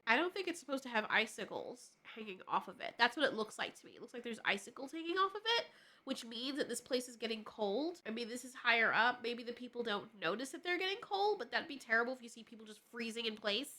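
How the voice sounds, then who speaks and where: Stuffy-nosed woman, jokey and swears a bit, high bright voice, breaking down a trailer. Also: fast talker. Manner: excitable, jokey, profane. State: stuffy nose. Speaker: trailer reviewer. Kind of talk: casual trailer analysis.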